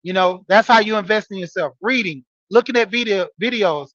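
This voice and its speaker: A man's voice: sits high, brisk, fairly bright tone, dry recording, highs cut off. A man in his forties hosting a casual monologue show, telling stories to listeners with lots of fillers. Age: 40s. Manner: storytelling, talking straight to listeners with frequent fillers. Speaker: podcast host and wrestling coach. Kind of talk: casual monologue, greeting live chat.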